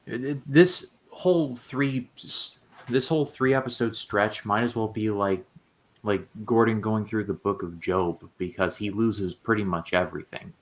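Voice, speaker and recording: A man in a casual chat adding measured comments. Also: fairly low pitch.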